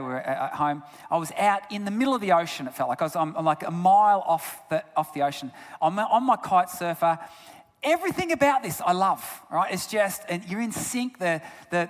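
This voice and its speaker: A man giving a sermon as a guest speaker, telling stories with big swings between loud bursts and hushed asides. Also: high voice. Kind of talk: storytelling sermon. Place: church sanctuary. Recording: long church reverb.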